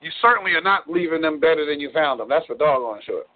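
A man lectures frankly about relationships and hammers his points home by repeating words. His voice sits a bit high. The sound is thin and phone-like. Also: lively intonation, fast, slight background noise. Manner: blunt, preachy, repeats words for emphasis. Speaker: relationship coach. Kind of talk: frank advice on a call-in show. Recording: tinny phone-line sound.

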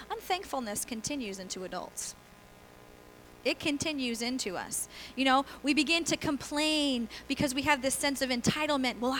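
In a church, a middle-aged woman pastor preaches a conversational sermon in a high, bright voice, telling stories with laughter and acting out quotes. A faint hum runs underneath, and the recording is rough.

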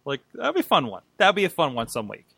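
Bright-voiced podcast host, dry close sound. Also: male voice, fairly high pitch, huge pitch swings, fast talker, vocal fry, slightly rough, no echo. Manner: rambling, upbeat, reads listener emails aloud. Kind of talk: casual wrestling podcast chat.

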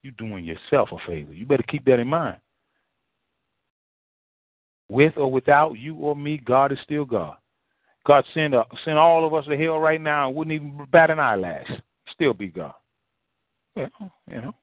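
A man's voice: mid-range voice, animated, normal speed, pauses often, no room sound. A male pastor preaching a sermon in a folksy, repetitive way, full of rhetorical questions. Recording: tinny phone-line sound, dry.

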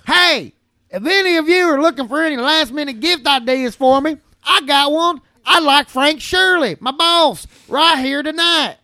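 Guy doing a high-pitched shouty ranting dad impression, over the top. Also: normal speed, no echo, studio quality, full character voice. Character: man doing a comic celebrity impression ranting as a movie dad.

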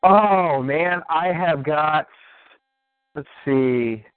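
A man who is a podcast guest, chatting casually and rambling excitedly, laughing often. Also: fairly high pitch, very slow, clean tone, no room sound. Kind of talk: casual chat. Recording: phone-like narrow line, dry.

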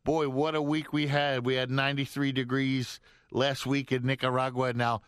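A man's voice: mid-range voice, little pitch movement, normal speed, fairly bright tone, smooth, dry recording, studio quality. Upbeat male radio talk-show host. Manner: upbeat, jokey banter. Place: radio studio. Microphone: studio microphone.

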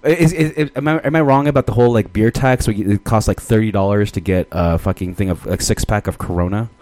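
A man with a New Mexican accent in a casual podcast chat, talking excitably and repeating words. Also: on the low side, quick pace, dry recording.

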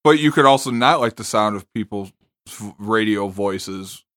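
A man's voice: lowish voice, moderate pace, fairly bright tone, dry recording, studio quality. A man co-hosting a casual podcast, blunt and crude, keeping the conversation on track. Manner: blunt, crude jokes, steers the segment. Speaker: podcast co-host. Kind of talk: casual chat.

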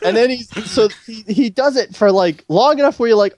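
Animated storytelling podcast man. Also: sits high, a little fast, few pauses, no echo. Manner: animated, swears freely, acts out quotes. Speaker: podcast co-host. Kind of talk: casual storytelling chat.

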